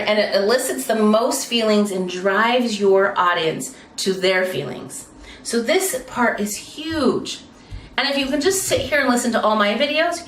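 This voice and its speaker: A woman teaching speaking skills, demonstrating how her pitch rises and falls as she explains. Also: a little hiss or hum. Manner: demonstrates pitch changes, swooping between high and low tones. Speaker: speaking coach. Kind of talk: instructional talk. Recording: roomy, slightly distant mic.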